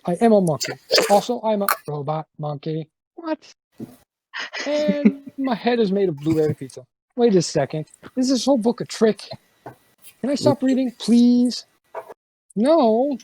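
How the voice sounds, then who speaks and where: A woman's voice: medium pitch, mellow, no echo, low-quality recording. A woman reading a children's book aloud, acting out mock protests and making silly sounds. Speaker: player reading a bedtime story.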